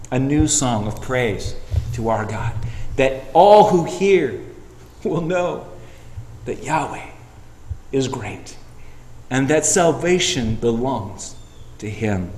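A man preaching a sermon, swinging from loud, emphatic peaks to hushed, quiet stretches. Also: medium pitch, lively intonation, takes it slowly, long pauses. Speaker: pastor. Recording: echoey hall with long reverb.

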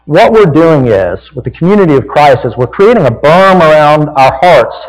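A man's voice: on the high side, sing-song, moderate pace, in a large hall, low-quality recording. Man preaching with a Southern drawl. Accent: Southern American. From American South. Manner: folksy, conversational preaching with repeated "right?". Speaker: pastor. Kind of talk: sermon.

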